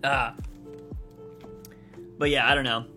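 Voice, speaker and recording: A young man streaming live and chatting with viewers, rambling and swearing freely, his voice a bit raspy. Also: mid-range voice, steady tone, slow pace, sharp tone, soft background music. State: voice feels raspy. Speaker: content creator streamer. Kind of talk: casual livestream chat answering viewers.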